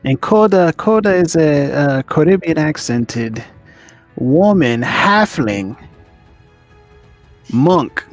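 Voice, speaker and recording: A man's voice: a little high, expressive, takes it slowly, long pauses, faint music behind. A man playing in a tabletop game, bantering in a brash, teasing way. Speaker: player.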